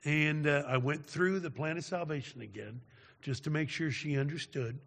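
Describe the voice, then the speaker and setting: A man's voice: fairly high pitch, normal speed, gravelly, a bit bright. A man preaching, telling a story dramatically and often checking in with "all right?". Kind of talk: sermon storytelling. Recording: long reverb of a large hall.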